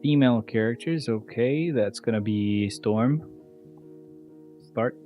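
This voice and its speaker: A young Albanian man streams gameplay, chatting casually with viewers, rambling and swearing, and answering chat between moves. His mid-range voice is slow and mellow, with soft background music playing.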